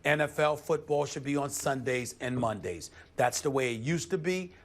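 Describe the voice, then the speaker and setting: A man's voice: mid-range voice, normal speed. Emphatic man arguing sports on TV. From United States. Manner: emphatic, builds numbered points. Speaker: sports debate panelist. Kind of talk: studio sports debate.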